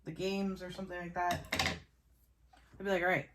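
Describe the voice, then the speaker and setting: A woman's voice: lowish voice, level tone, normal speed, heavy background noise. A woman chatting casually while she sews, rambling with fillers and small laughs. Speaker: sewing vlogger. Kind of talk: casual chat while sewing.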